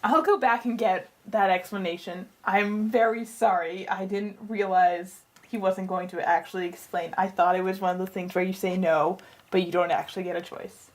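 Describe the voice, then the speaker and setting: A woman's voice: mid-range voice, fairly even intonation, moderate pace. A woman hosting a let's play, making casual, self-deprecating and apologetic asides between the game's lines. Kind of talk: casual game commentary.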